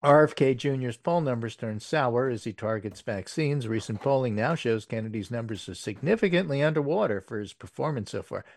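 A man's voice: mid-range voice, lively intonation, brisk, creaky, hardly any pauses, no room sound, studio quality. A man hosting a casual political talk show, reading poll figures with wry asides and plenty of fillers. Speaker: political podcast host.

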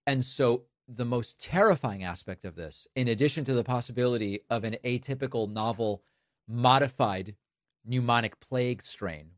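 A man's voice: medium pitch, no echo. Male political commentator, emphatic, sarcastic, dry close sound. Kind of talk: opinion commentary.

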